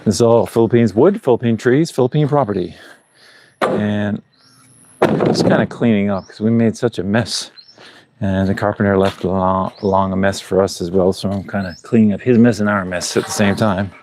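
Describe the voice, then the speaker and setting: A man's voice: lowish voice, moderate pace, a little mellow, a little hiss or hum. A middle-aged man vlogging live outdoors on a rural building site, chatting in a rambling way and chuckling between thoughts. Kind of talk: casual live-stream chat. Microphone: clip-on mic.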